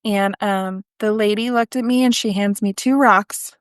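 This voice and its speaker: A woman's voice: mid-range voice, fairly even intonation, a little slow, clean tone, no room sound. Candid woman telling her story, dry sound. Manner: conversational, frequent ums and likes, self-correcting. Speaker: podcast guest.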